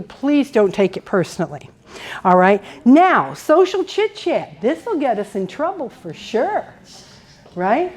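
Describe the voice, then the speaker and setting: A woman teaching a dementia care workshop, telling stories, acting out quotes and laughing often. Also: a little high. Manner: animated storyteller, acts out quotes, laughs often. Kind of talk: workshop presentation. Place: indoor workshop room.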